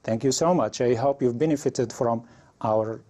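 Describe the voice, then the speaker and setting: In this classroom lesson, a man teaches English by reading out example prompts and asking learners what they'd say. His voice is mid-range and mellow, at normal speed.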